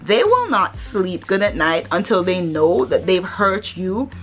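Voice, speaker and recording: A woman's voice: medium pitch, animated, unhurried. A woman hosting her own vlog in casual chat, blunt and sassy, and she swears freely. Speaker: vlogger host.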